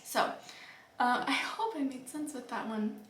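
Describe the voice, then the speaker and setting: A young woman vlogger giving earnest, reflective advice to the camera, with soft laughs and fillers. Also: sits high, a little slow, recorded from a distance, a little hiss or hum. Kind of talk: casual advice talk to camera. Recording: echoey room, voice a bit off-mic.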